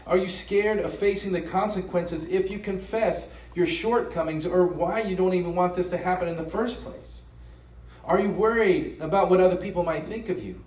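A man's voice: high-pitched, darkish tone. A pastor giving an earnest, conversational sermon, often posing rhetorical questions to his listeners. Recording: roomy echo, voice from a distance.

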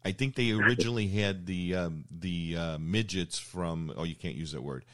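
A man's voice: low-pitched, moderate pace. An older man hosting a casual interview, telling rambling anecdotes with plenty of fillers and restarts. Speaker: show host.

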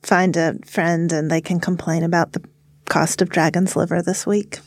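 A woman professor talking as a podcast guest, speaking in a calm, measured, thoughtful way. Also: fairly low pitch, no room sound, studio quality. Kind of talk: casual reflective discussion.

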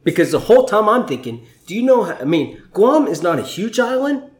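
A Navy chief with a high-sitting voice, big pitch swings and a slightly fast pace tells personal stories as an interview guest. He's candid and emotional and swears freely, in a roomy, echoing recording.

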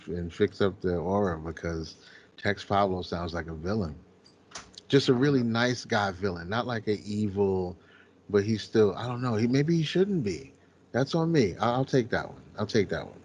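A man's voice: lowish voice, normal speed, darkish tone, slight background noise. A man co-hosting a podcast, playful and self-deprecating, laughing often in casual comedic chat. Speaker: podcast co-host.

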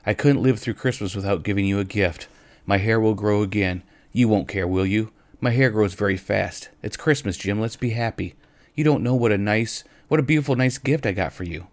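A man's voice: on the low side, fairly quick, natural voice. A man voicing a young, loving and anxious wife in a read-aloud story, in an earnest, pleading way.

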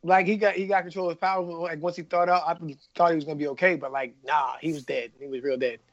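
A man in casual podcast chat, talking in an excited, emphatic way. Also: a little high, quick pace. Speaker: podcast co-host. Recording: dull lo-fi sound.

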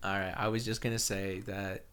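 A man's voice: low voice, little pitch movement, normal speed, fairly bright tone, smooth. A man hosting a podcast in casual chat, teasing his friends and laughing often. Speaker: podcast host.

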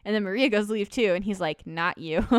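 A young woman co-hosts a podcast, chatting casually and swearing freely as she recaps a musical and acts out quoted lines. Her medium-pitched voice is clean with lively intonation at a normal speed, recorded dry and at studio quality.

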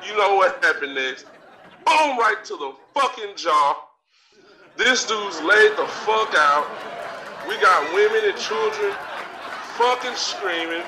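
A man doing a swaggering, foul-mouthed talk-show braggart who rants in a high voice and drawls his words out slowly. His ranting is caught from far off on a theater stage. A noisy crowd and a loud background hum sit under it. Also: lively intonation. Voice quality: profane, swaggering delivery. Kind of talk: live comedic stage rant. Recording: distant live recording with crowd noise.

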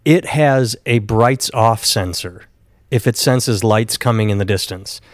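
A man's voice: fairly low pitch, unhurried, no echo, studio quality. A man in casual conversation, blunt and sardonic, swearing freely. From northern United States. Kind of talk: casual chat.

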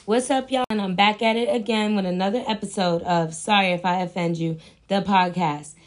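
A woman's voice: mid-range voice, fairly even intonation, brisk, a little hiss or hum. A woman hosting a casual podcast, brash and hyped, cursing freely as she talks. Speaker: podcast host.

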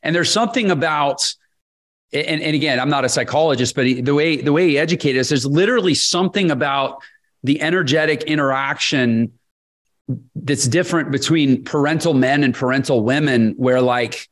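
A man's voice: a little high, a bit bright. A man co-hosting a podcast, speaking reflectively with frequent restarts in casual chat. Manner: reflective, halting, many restarts. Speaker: podcast co-host.

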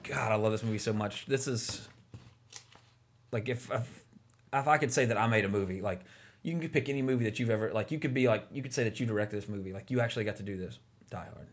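A man's voice: on the low side, fast talker. A man co-hosting a casual movie podcast, talking enthusiastically and rambling with lots of fillers. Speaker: podcast co-host.

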